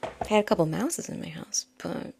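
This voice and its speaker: A woman who is an intuitive healer, giving a soft, rambling spiritual reading with frequent laughs. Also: lowish voice, lively intonation, normal speed, creaky, a little hiss or hum. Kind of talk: casual spiritual guidance talk.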